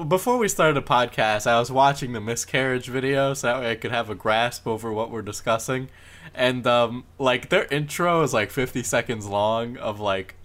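A man's voice: medium pitch, a bit bright. A young man co-hosting a casual podcast, wry and dry. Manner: dry, wry, reads titles aloud. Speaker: podcast co-host. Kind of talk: casual chat.

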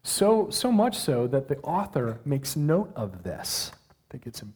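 A man preaching to a live audience, reading scripture and explaining it in a lively, conversational way with questions to the listeners. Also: mid-range voice, takes it slowly, husky. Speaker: pastor.

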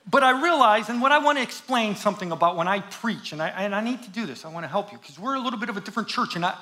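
A middle-aged man preaching a sermon in church as a guest pastor, lively and joking, then hushed and slow in prayer. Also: extremely high pitch. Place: church in front of a congregation.

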